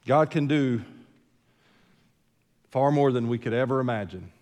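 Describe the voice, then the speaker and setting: A man's voice: mid-range voice, a little slow, a little mellow, long reverb tail. A man preaching a sermon as senior pastor, in a conversational, folksy way full of rhetorical questions, recorded in a church sanctuary.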